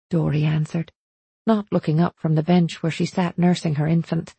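A woman reading a first-person story as an audiobook narrator, steady and measured. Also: sits low, vocal fry, breathy edge, no echo.

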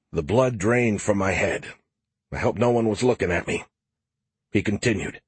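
A man's voice: lowish voice, fairly quick, breathy edge, no echo. A man reading first-person narration for an audiobook with a wry, self-deprecating manner, close to the mic.

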